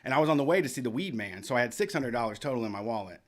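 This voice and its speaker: A man's voice: medium pitch, expressive, racing. A man hosting a radio show, telling a long story in a rambling, profane, casual way. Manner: profane, rambling, with lots of restarts. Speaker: podcast host.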